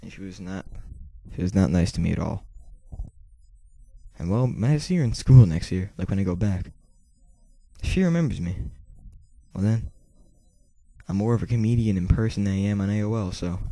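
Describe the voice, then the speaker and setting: A teenage boy telling a rambling story to camera, with lots of fillers, restarts and swearing, his volume swinging between quiet and loud. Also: low-pitched, a little hiss or hum. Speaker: vlogger. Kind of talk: casual storytelling monologue.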